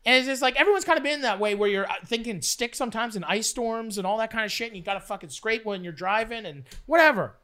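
A man's voice: high-pitched, fast, few pauses, pushed and bright, smooth. A man telling a long, profane story in casual chat, acting out the quotes along the way. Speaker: storyteller guest. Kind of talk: casual storytelling while playing cards.

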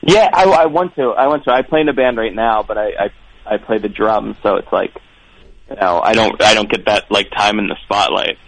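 Hesitant caller man, low voice. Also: brisk, gravelly, a bit bright, poor audio. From Philadelphia. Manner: hesitant, stammering, low-key. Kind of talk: phone call-in chat.

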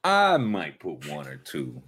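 A man's voice: very deep voice, huge pitch swings, slow pace, a bit bright, breathy edge. A man co-hosting a casual sports betting chat, laid-back and slangy. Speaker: co-host.

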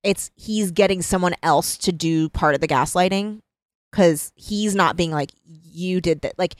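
A woman's voice: on the low side, moderate pace, dry recording, clean studio sound. A woman in casual chat, animatedly retelling a book's plot and acting out the characters' lines. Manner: animated retelling with quoted voices. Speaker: co-host discussing a book.

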